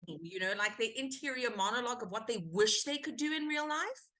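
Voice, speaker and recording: Bright, animated actress. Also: female voice, a little high, brisk. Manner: animated storytelling, acts out quoted exchanges. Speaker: actor guest. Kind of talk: casual interview chat.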